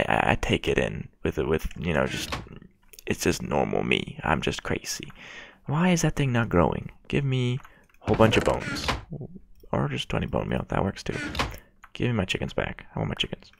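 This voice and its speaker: A man's voice: sits low, wildly swooping pitch, normal speed, vocal fry, a little hiss or hum. A man giving casual gameplay commentary, rambling and mocking himself as he chats to the game's characters. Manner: rambling and self-mocking, chatting to game characters. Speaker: gaming video creator.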